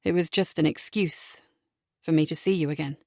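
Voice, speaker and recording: A woman voicing a frosty, reserved man in an audiobook, pitched well below her narration and kept quiet and guarded. The sound is dry and close. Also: moderate pace, no room sound, lightly acted. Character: frosty, reserved male journalist.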